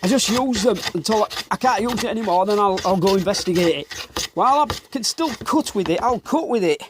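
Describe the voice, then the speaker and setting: A man's voice: high voice, animated, a little fast. A Northern English man who is slightly out of breath, talking bluntly through his woodworking as he works in a workshop. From England. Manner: blunt, mutters while working, occasional mild swearing. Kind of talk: workshop commentary while working. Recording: clear workshop noise behind. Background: planing, rubbing and wood noises.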